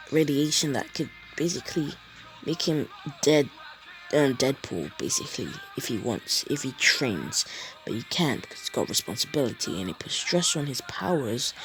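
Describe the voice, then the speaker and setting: A man's voice: mid-range voice, a bit bright, rough recording. A young man casually retelling a fan story, rambling with fillers and asides.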